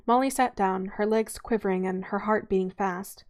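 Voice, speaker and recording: A woman's voice: mid-range voice, fairly even intonation, normal speed, darkish tone. Young woman reading a novel aloud, casual, stumbles and corrects herself often. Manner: informal reading with frequent stumbles and self-corrections.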